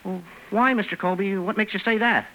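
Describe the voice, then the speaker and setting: An actor playing a bumbling young fix-it shop owner who cracks quick jokes and lets out nervous chuckles, in a 1940s radio comedy. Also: male voice, sits high, fairly even intonation, sharp tone, poor audio. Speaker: comic lead of the show. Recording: very hissy old radio broadcast.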